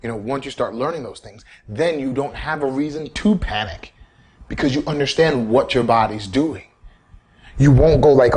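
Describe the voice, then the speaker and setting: A man giving casual, animated self-care advice, repeating key points and coaching the listener. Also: medium pitch, normal speed. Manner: animated, repetitive coaching, acts out quoted inner voices. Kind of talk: casual instructional talk.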